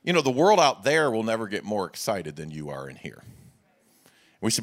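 A man's voice: on the low side, wildly swooping pitch, normal speed. A middle-aged man, a pastor preaching a sermon with folksy humor and rhetorical questions to the congregation.

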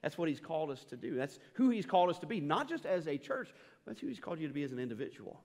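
A male pastor giving a conversational sermon, often repeating words as he restarts sentences and swinging between quiet and loud. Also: a little high, sing-song, racing. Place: church sanctuary. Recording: long hall reverb in a church.

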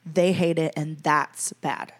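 A woman from Venezuela, a native Spanish speaker, chatting casually with a playful, deadpan way of fibbing. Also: sits low, slow pace. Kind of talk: casual chat.

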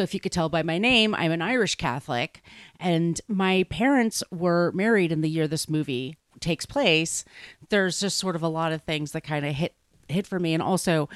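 A woman's voice: deep voice, dry recording. Friendly middle-aged woman guest, dry sound. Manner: friendly, laughing easily. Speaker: podcast guest, author. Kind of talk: casual podcast interview.

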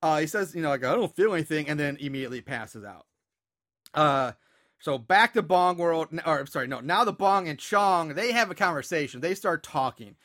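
A man's voice: fairly high pitch, expressive, normal speed, fairly bright tone. A man hosting a podcast, casually retelling a movie plot with frequent laughs and filler words. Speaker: podcast host.

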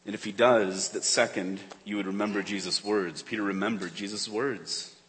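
A man preaching a sermon in a church, earnest, swinging between urgent emphasis and hushed tones. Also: fairly low pitch, steady tone, moderate pace. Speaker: pastor. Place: church sanctuary. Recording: long reverb of a church hall.

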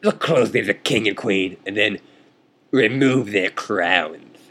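A man's voice: lowish voice, unhurried, pushed and bright. A man voicing a stubborn male chess player who grumbles and refuses to admit defeat. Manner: grumbling, dismissive.

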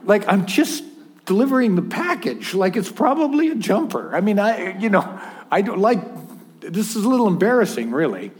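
A man's voice: high-pitched, sing-song, normal speed. A man preaching a sermon in a conversational, humorous way, with acted asides.

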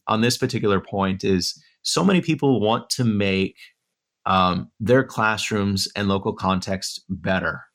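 The voice belongs to a man with a fairly low, slightly bright voice, interviewed conversationally in the Durham area as an author and educator. He is earnest and thoughtful, going through his points in order.

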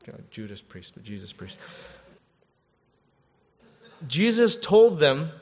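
Animated male pastor in an echoey hall. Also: fairly high pitch. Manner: animated, conversational, acts out quotes, restarts words. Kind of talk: sermon. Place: church hall. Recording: echoey hall, dull sound.

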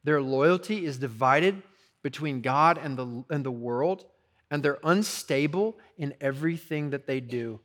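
A male preacher delivers his sermon with an easygoing, conversational urgency, often dropping in "like" and "you know". His voice sits fairly high for a man. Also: unhurried, fairly bright tone. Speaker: pastor.

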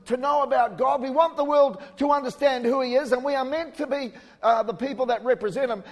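This sermon comes from a man from New Zealand whose pitch is extremely high. He keeps it conversational, tossing in joking asides and raising his voice to a shout for emphasis, all echoing with hall reverb.

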